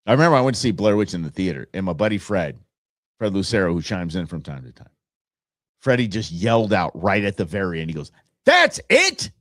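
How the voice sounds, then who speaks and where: A man with a fairly low voice hosts his show in a casual, rambling way. He gets excited, circles back, and restarts his sentences often. The sound is dry and close, with no room around it. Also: quick pace, no echo. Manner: rambling, enthusiastic, self-interrupting. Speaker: show host. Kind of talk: casual solo podcast talk.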